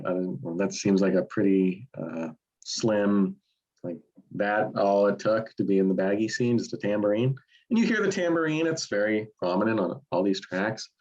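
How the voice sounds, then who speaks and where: A man with a fairly low voice gives his take on a record in loose, opinionated chat. He wanders through his thoughts with plenty of fillers and restarts. The recording is somewhat muffled and lo-fi. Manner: rambling, many fillers and restarts. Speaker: album reviewer co-host. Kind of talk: casual opinionated music chat.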